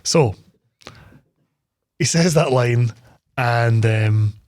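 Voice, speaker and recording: A man's voice: mid-range voice, extremely slow, a little mellow, no echo, clean studio sound. A young Scottish man co-hosting a podcast, recapping a film in casual chat, joking, swearing freely and laughing often. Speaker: podcast co-host.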